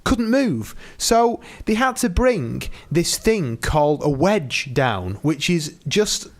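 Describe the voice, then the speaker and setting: Young guy co-hosting, chatty stories, voice jumps all over, slightly high. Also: slow. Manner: animated anecdotes with put-on quoted voices. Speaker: podcast co-host. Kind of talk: casual storytelling chat.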